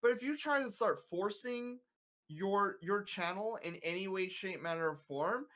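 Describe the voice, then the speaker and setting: A man's voice: sits high, normal speed, fairly bright tone. A man streamer chatting casually on a podcast, giving earnest, emphatic advice with lots of filler words, over a remote voice call.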